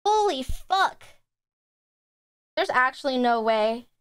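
A woman's voice: high voice, lively intonation, takes it slowly, fairly bright tone, clear, resonant tone, dry recording. A woman streamer chatting live to her viewers at her desk, exasperated and swearing freely. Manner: exasperated, swearing, talking to chat. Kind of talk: live stream reaction chat. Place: home room at a desk.

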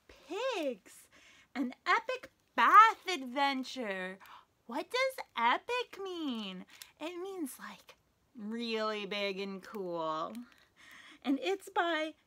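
Library story lady for small kids, very high bright voice, unhurried, sing-song delivery. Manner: animated, sing-song, exaggerated for kids, counts along. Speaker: children's librarian, story time host. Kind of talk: reading picture books aloud to young children.

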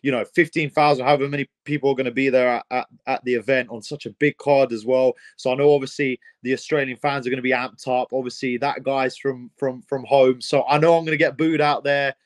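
A young man, a professional fighter, answering interview questions in a rambling, excitable way with many fillers and restarts. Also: mid-range voice, brisk, few pauses.

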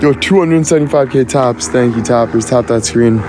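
Over music, a medium-pitched male streamer chats casually with his live audience, teasing them playfully and laughing often. He makes a point of thanking viewers by name.

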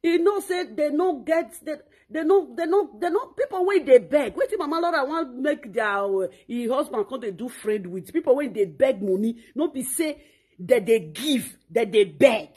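A woman's voice: sits high, lively intonation, moderate pace, mellow, husky. A woman with a Nigerian Pidgin accent, ranting and scolding in a mocking, insulting way. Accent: Nigerian Pidgin English. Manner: refers to herself in third person. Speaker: online commentator. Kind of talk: ranting monologue.

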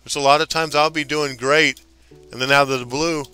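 A man's voice: on the high side, steady tone, a little fast, bright, forceful tone, clean tone, soft background music. A man streaming a game live, chatting casually and hyping up his viewers. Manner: chatty, hyped, talks back to viewers.

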